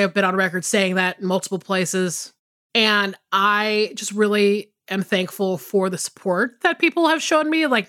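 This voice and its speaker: A woman co-hosts a podcast in a mid-range, slightly bright voice, recorded clean in a studio with no room sound. She chats casually and rambles, full of fillers and restarts.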